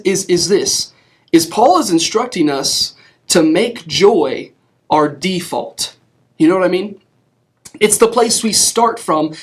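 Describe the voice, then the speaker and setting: High-voiced young man preaching casually. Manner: conversational, many restarts, asks "right?". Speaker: youth preacher. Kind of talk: casual sermon.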